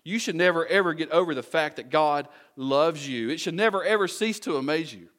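Folksy pastor preaching a sermon. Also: male voice, a little high, expressive, fairly quick, a bit bright. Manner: conversational, rhetorical questions, folksy asides.

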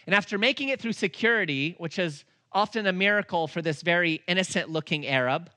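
A middle-aged man preaching with a bright, forceful voice that sits a little high for a man. He tells stories from the pulpit, acting out each exchange and drawing out words for emphasis. The sound is close and dry. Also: no echo. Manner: animated, acts out dialogue in his stories; slows down and leans on words for emphasis. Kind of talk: storytelling sermon.

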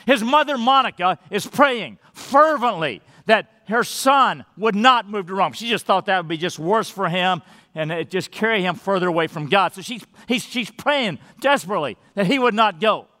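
A man preaching a sermon as pastor in a church, emphatic, drawing out key phrases slowly and restarting his sentences. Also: sits high, expressive, sharp tone. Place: church sanctuary. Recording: long reverb of a large hall.

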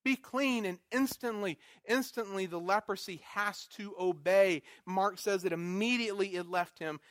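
A man's voice: sits high, moderate pace, fairly bright tone, dry recording, clean studio sound. A man preaching a sermon with earnest emphasis, repeating words and building to bursts of force. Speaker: pastor.

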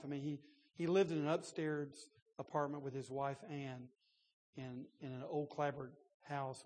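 Husky preacher in a reverberant church. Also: male voice, a little high, a little mellow. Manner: conversational storytelling with laughs and restarts. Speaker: pastor. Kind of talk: sermon. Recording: long reverb in a large room.

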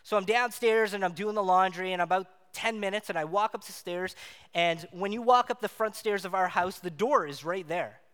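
A man preaching a sermon, telling a personal story in an animated way and acting out the voices in it. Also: high voice, moderate pace, clean tone. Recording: long hall reverb.

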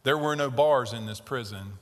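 A man preaching a sermon, telling a story and growing loud and animated in tense moments. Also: medium pitch, moderate pace, big-room sound. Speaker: pastor. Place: large tent.

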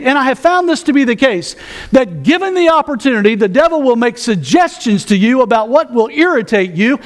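A man's voice: extremely high pitch, lively intonation, brisk. A man pastor preaching a sermon, folksy with joking asides, reading scripture aloud.

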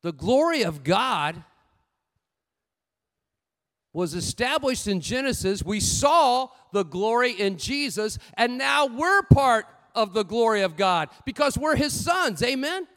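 A man preaching a sermon with lively storytelling, swinging between loud bursts and hushed asides. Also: extremely high pitch, measured pace, few pauses, long reverb tail.

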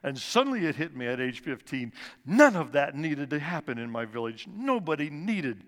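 A man's voice: on the high side, very animated. Man in his sixties testifying in an echoing church. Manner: earnest storytelling, slows and drops soft for emphasis. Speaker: guest speaker at church service. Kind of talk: personal testimony talk. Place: church sanctuary. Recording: long reverb of a large church hall.

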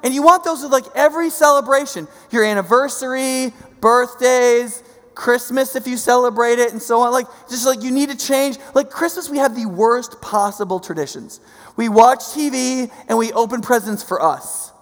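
A man preaching a sermon, teaching in a casual, animated way with many fillers. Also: very high-pitched, normal speed, long reverb tail.

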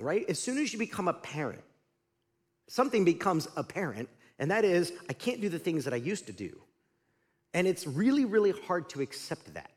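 A man's voice: a little high, in a large hall. A middle-aged male pastor preaching a sermon, talking to the congregation in a conversational way and asking them questions. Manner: animated preaching with sudden drops to quiet.

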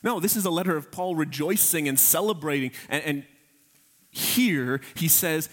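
A man preaching a sermon as pastor, earnest and emphatic, slowing down on key phrases and addressing his congregation directly. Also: fairly high pitch, fairly bright tone.

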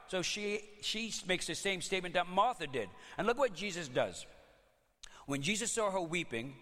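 A man preaching a sermon as pastor, conversational and animated, telling stories with playful asides. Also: mid-range voice, long reverb tail.

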